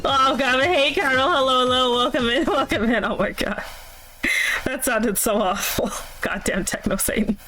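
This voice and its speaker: A woman's voice: high voice, moderate pace, pushed and bright, rough recording. Giggly, rambling woman streamer. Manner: giggly, rambling, lots of fillers. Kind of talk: casual chat on a livestream. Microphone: voice chat call.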